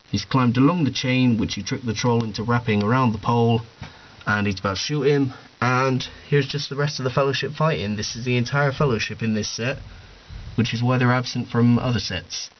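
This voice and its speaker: A man's voice: medium pitch, brisk. A man giving a chatty, upbeat show-and-tell tour of his collection at home, with playful asides. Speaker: toy collection vlogger. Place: room at home with display shelves. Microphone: cheap digital camera. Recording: dull camera audio with faint hiss.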